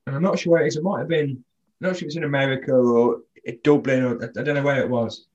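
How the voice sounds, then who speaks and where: A man's voice: medium pitch, steady tone, fast talker, a little mellow, muffled recording. A man, a comedian, chatting casually on a podcast and laughing often. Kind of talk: casual chat.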